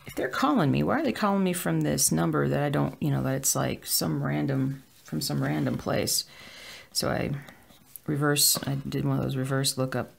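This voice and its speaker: Cross-stitch vlogger, casual and rambling, heavy vocal fry, mid pitch, at home. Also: normal speed, slight background noise. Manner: rambling, with filler words. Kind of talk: casual chat while stitching.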